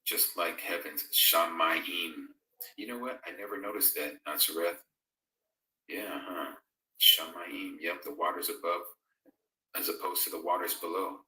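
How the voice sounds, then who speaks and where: Hosting a Bible fellowship online, a man reads viewers' comments aloud and answers them conversationally, chats casually, and reads passages of scripture. His voice sits low, pushed and bright, at normal speed, recorded from a distance in an echoing room.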